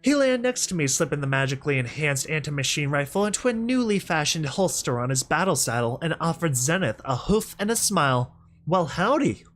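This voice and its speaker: A young man reading a story aloud and breaking off for excitable, laughing commentary. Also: a little high, fairly quick, hardly any pauses. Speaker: reader and commentator.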